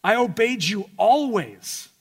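A man's voice: high voice, animated, slow, slightly rough, pitched above the performer's own voice, heavily acted. A man voicing a bitter, aggrieved elder son. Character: resentful grown elder son, self-justifying.

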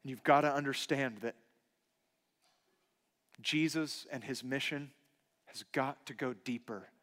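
Earnest pastor preaching in a reverberant hall. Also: male voice, a little slow. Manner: earnest storytelling, dropping to a hushed low voice for emphasis. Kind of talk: sermon.

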